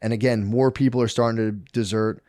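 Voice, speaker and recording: A man's voice: medium pitch, fairly even intonation, a little fast, warm tone, no room sound, studio quality. A man co-hosting a podcast, retelling history in a rambling, profane way full of bro slang. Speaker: podcast co-host. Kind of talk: casual history storytelling.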